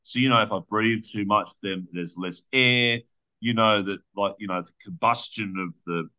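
Guy on a podcast rambling thru a story, bright forceful voice, swears a bit. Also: on the low side, normal speed. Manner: rambling, profane storytelling with restarts. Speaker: podcast co-host. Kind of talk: casual chat, retelling a story.

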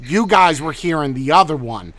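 High voiced guy on a call, super animated, cussing and joking around. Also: moderate pace. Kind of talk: casual chat. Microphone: remote call.

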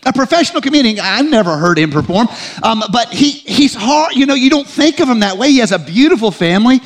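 A man's voice: very high voice, sing-song, fast talker. A man giving a humorous live talk to an audience, conversational, with joking asides and frequent restarts. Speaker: speaker addressing an audience.

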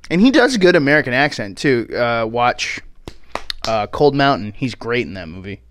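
A man's voice: medium pitch, sing-song, normal speed, a bit bright, dry recording. A man giving a casual movie commentary who chats loosely, laughs often and swears offhandedly. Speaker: podcast host doing a movie commentary track.

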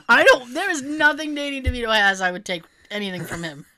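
A woman co-hosting a casual chat, animated and sarcastic, laughing often. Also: a little high. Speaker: podcast co-host.

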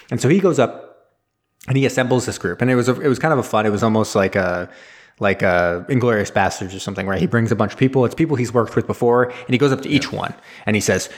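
A young adult man hosting a podcast, casually recapping a film in a rambling, animated way with bits of quoted dialogue. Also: medium pitch, quick pace. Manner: rambling, animated storyteller with laughs and quoted voices. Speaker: podcast host.

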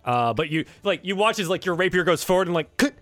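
A man's voice: high-pitched, expressive, fast talker, fairly bright tone, dry recording. A man running a tabletop game as game master, narrating in a rambling, casual way full of fillers.

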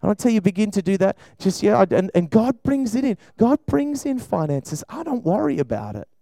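A man preaching and praying in a church service, fervent, swinging between loud cries and quiet talk. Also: high voice, very animated, a little fast, vocal fry, no echo, low-quality recording. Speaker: pastor. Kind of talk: sermon with prayer.

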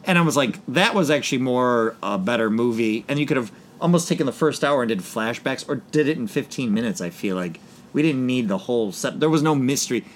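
A man with an ordinary middle-pitched voice gives his take on a film in a casual chat. He speaks in a measured way and trails off into hedging asides. Faint ambient noise sits underneath. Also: expressive. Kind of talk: casual movie discussion chat.

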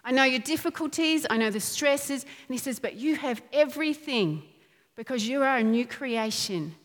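A woman preaching a sermon in a lively, playful way, often laughing between points. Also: sits high, moderate pace. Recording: long hall reverb.

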